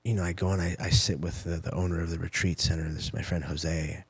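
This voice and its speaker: A man's voice: deep voice, little pitch movement, fast talker, husky. A man in his forties, a former fighter turned coach, telling candid, profane stories in an interview. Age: 40s. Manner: candid, profane, storytelling with quoted asides.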